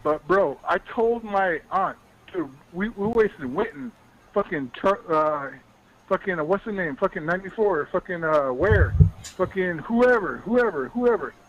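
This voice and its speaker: Swearing caller ranting at high pitch. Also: male voice, lively intonation, measured pace, highs cut off, a little hiss or hum. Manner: yelling, profane, repeats himself. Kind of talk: angry call-in rant.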